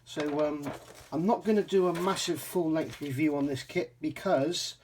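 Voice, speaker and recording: A man's voice: on the high side, moderate pace, a little mellow, a little hiss or hum. A man from England casually reviewing a scale model kit, chatty with frequent ums and self-corrections.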